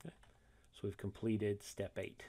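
A man walking through a software tutorial step by step, reading each instruction and then demonstrating it, correcting himself along the way. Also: lowish voice, flat delivery, moderate pace, a little hiss or hum. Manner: methodical, reads steps then demonstrates, self-corrects.

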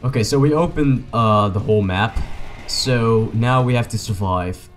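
A young man, a native Dutch speaker, gives excitable, joking, rambling commentary to his viewers as he plays a video game. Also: fairly low pitch, normal speed, soft background music. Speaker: gaming YouTuber. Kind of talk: casual gameplay commentary.

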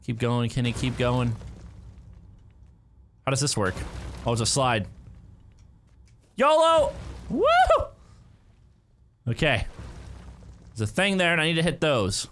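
A young man giving live commentary while playing a game, excitable and quick to cheer and yelp at close calls. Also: mid-range voice, a little hiss or hum. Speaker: gaming streamer.

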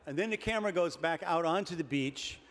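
An older man giving a comic keynote speech at a dinner, deadpan and wry, building his jokes with pauses. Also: fairly high pitch. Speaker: keynote speaker. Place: large banquet hall with a dinner audience. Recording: reverberant banquet hall, faint room noise.

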